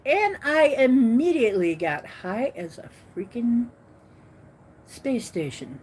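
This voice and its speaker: A woman hosting a casual live-stream chat, rambling and giggly with many fillers, swinging from loud exclamations to trailing murmurs. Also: mid-range voice, lively intonation, takes it slowly, slight background noise, low-quality recording. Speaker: host.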